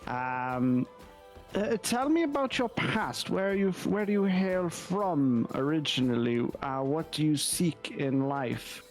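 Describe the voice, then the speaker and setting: A man's voice: on the high side, lively intonation, slow pace, soft background music. A man voicing an old male elf war veteran in a mixed Irish and British put-on accent, tagging his lines with "so it was". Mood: musing. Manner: musing, tags phrases with "so it was".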